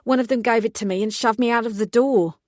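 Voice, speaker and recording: A man's voice: very high voice, fast talker, a little mellow, no echo, studio quality, pitched above the performer's own voice. A woman narrator voicing a panicked male tourist with a New Zealand accent, talking in breathless, pleading bursts. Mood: shaken.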